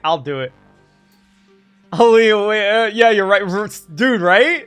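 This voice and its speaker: A man streaming a game playthrough, excitable, laughing often and quipping at the characters. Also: sits high, normal speed, faint music behind.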